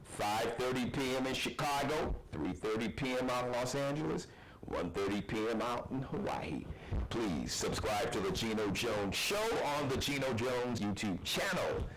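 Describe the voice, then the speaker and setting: A man's voice: mid-range voice, animated, moderate pace, faint music behind, poor audio. A man hosting a live online talk show, delivering a passionate, preachy monologue. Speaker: host.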